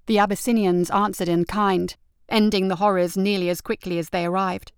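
A woman's voice: mid-range voice, steady tone, brisk, clear, resonant tone, no echo, studio quality. A woman reading out an action story as narrator, telling it steadily and vividly.

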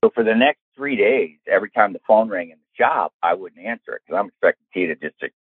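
A man spins a casual anecdote with a low, breathy voice. He acts out the people he quotes, and the sound is dry and thin, like a phone line. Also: lively intonation, quick pace, no echo. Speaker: storyteller guest.

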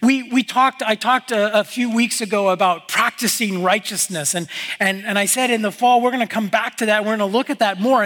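A man preaching a sermon as pastor, earnest and repetitive, with his voice falling low at the ends of phrases. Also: bright, forceful tone, in a large hall.

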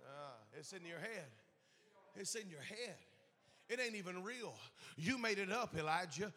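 A man's voice: high voice, expressive, measured pace, pushed and bright. A man pastor preaching a sermon with passionate, emphatic repetition. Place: church sanctuary. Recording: echoey church hall.

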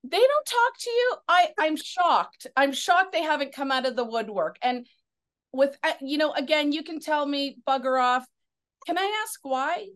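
A woman hosts a casual interview and is effusive and encouraging toward her guest. Her voice sits a bit high, and she slips in quick asides between her longer thoughts. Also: animated, a bit bright. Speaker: interview host.

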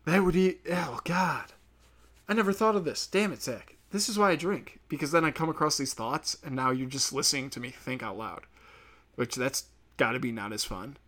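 A man talks through a solo podcast rant in a middle-pitched voice. He rambles, swears often and keeps laughing at his own jokes. Now and then he slips into quick impressions of other people. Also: a bit bright. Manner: acts out quoted people in sudden bursts. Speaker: podcast host.

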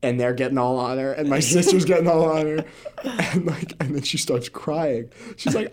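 A man's voice: a little high, normal speed, a little mellow. A young man co-hosting a casual podcast, telling a story with lots of laughter and little acted-out voices. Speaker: podcast co-host. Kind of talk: casual chat.

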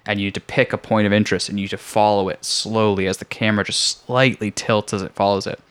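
A man's voice: on the low side, level tone, fast, fairly bright tone, clean tone. A young man hosting a casual game podcast, rambling with many fillers and frequent laughs. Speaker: podcast host. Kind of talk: casual chat.

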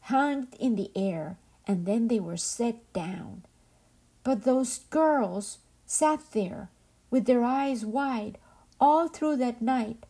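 Woman storyteller, gentle and unhurried. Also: a little high, slightly rough. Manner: slow, gentle, and expressive. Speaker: podcast host and storyteller.

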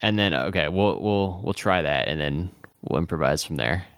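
Deep-voiced man reasoning through a plan. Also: moderate pace, fairly bright tone, dry recording, studio quality. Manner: methodical, talks through plans step by step. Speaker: guest player. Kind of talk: tabletop game play.

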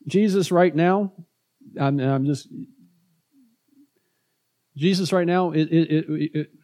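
A pastor preaching a conversational sermon, often repeating words and tagging points with "right?". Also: male voice, on the high side, slow pace, warm tone.

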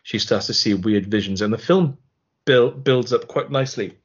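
A man's voice: medium pitch, normal speed, husky. A man co-hosting a podcast, retelling a film's scenes in casual chat with laughing asides. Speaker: podcast co-host. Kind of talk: casual film review chat. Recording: slightly muffled podcast audio.

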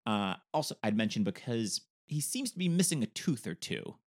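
A man in a relaxed film chat who recaps scenes and slips into quick little impressions of the characters. His voice sits at an ordinary middle pitch for a man, and his delivery is loose and conversational. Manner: chatty, retells scenes with little acted asides. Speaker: podcast co-host. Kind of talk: casual film discussion.

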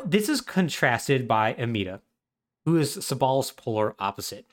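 A man co-hosting a podcast, casually retelling a story with wry humor and lots of fillers. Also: mid-range voice. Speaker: podcast co-host. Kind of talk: casual chat recapping a video game plot.

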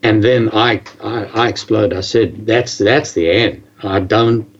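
A man tells a personal story in a casual, animated way, often stumbling and restarting his sentences. His voice has a gravelly edge. The recording sounds slightly dull and lo-fi. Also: on the low side. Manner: animated, halting with many restarts. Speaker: guest telling his story.

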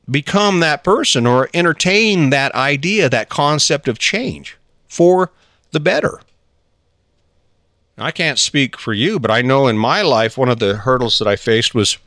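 A man's voice: medium pitch, a bit bright, no room sound, clean studio sound. A man hosting a solo motivational podcast, talking earnestly and rambling, with many restarts as he acts out inner voices. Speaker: podcast host.

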